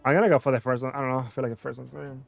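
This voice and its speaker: A man's voice: medium pitch, fairly even intonation, very fast, creaky, dry recording, faint music behind. Casual man thinking aloud while gaming. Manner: casual, thinks aloud, reads dialog choices. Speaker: gameplay streamer. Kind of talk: casual let's-play commentary.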